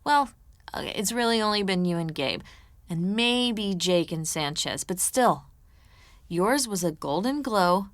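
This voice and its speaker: A woman narrating an audiobook, voicing an earnest, emotional young woman who talks in a hushed, hesitant way. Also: mid-range voice, lively intonation, a little slow, no room sound, close to an everyday voice. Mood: tentative. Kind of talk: audiobook character voice.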